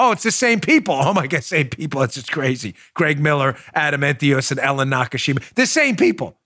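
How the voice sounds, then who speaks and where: Sarcastic, animated man host. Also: a little high, no echo, studio quality. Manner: sarcastic, mocking, animated, swings between loud and muttered asides. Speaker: political podcast host. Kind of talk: opinionated solo commentary.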